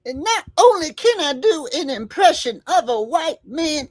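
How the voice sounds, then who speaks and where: A man doing an impression of a famous female comedian, sassy and scolding, in a high voice. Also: fairly bright tone, no room sound. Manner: sassy, scolding, drawn-out delivery.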